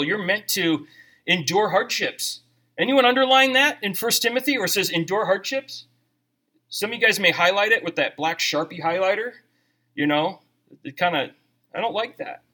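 A man's voice: high voice, bright, forceful tone. A middle-aged man preaching a sermon, mixing jokes with scripture reading in a conversational way. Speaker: pastor.

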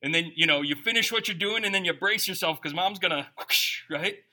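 A man's voice: high voice, a little fast, pushed and bright. A man preaching a conversational sermon, reading scripture aloud and breaking into informal, jokey asides. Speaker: pastor.

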